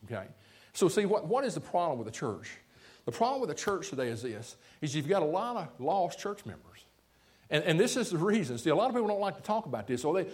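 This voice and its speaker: A man's voice: fairly high pitch, quick pace. A man preaching a sermon as a pastor, talking straight to the congregation and checking in often with "see?" and "okay?". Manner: lively preaching with frequent "see?" and "okay?" asides.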